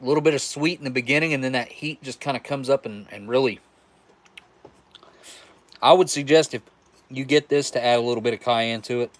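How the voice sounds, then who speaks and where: A man's voice: mid-range voice, fairly quick, long pauses. A man from West Virginia with a West Virginian accent, chatting casually and rambling with restarts on a live stream. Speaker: livestream host.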